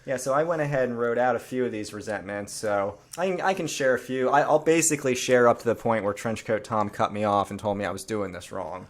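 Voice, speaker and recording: A man co-hosting a comedy podcast, reading out dark jokes in a dry, matter-of-fact deadpan. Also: mid-range voice, a little fast, hardly any pauses. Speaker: podcast co-host.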